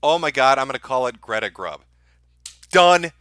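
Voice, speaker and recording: A man's voice: mid-range voice, lively intonation, moderate pace, a bit bright, no room sound, clean studio sound. A man hosting a livestream, ranting sarcastically and profanely and laughing at his own jokes as he reads viewer super chats. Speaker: livestream host.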